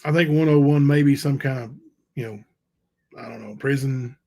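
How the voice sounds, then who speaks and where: A male livestream host reading letters aloud and commenting on them, halting and unsure, with many fillers. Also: mid-range voice, a little mellow.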